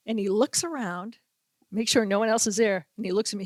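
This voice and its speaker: Lively storytelling woman, Boston accent. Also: on the high side, a little fast, no echo. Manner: animated storyteller, acts out quotes, laughs often. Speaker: podcast host, sports reporter. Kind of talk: casual storytelling chat.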